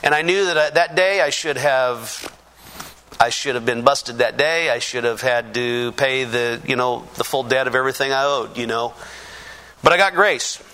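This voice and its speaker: A man giving a personal testimony in a halting, earnest way, with many restarts and fillers, growing fervent and emphatic. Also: medium pitch, sharp tone.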